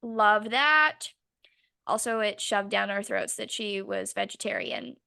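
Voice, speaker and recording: A young woman co-hosting a podcast, ranting sarcastically in a casual, animated chat with some swearing. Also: mid-range voice, measured pace, gravelly, smooth. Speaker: podcast co-host.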